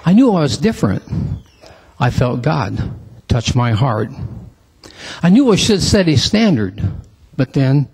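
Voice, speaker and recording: A man reciting a dramatic religious poem in church, emotional and pleading, with a husky voice. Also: mid-range voice, sing-song, a little slow, darkish tone. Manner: emotional, pleading, rising to cries.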